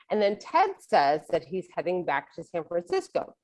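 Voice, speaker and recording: A middle-aged woman telling a personal story, animated and self-mocking, acting out her own thoughts. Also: on the high side, normal speed, few pauses, poor audio.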